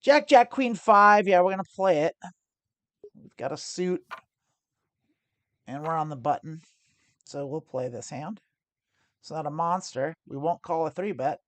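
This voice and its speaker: A woman's voice: low-pitched, animated, a little slow, pauses often. A woman hosting a live poker stream, chatting through each decision and often restarting her phrases as she thinks aloud. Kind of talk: live poker play-and-explain commentary.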